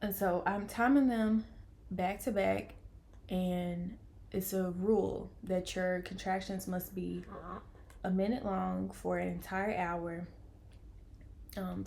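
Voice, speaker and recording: A woman's voice: lowish voice, unhurried, vocal fry, a little hiss or hum. Chatty young woman telling her birth story. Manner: animated, acts out quoted voices, laughs often. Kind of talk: casual storytelling to camera.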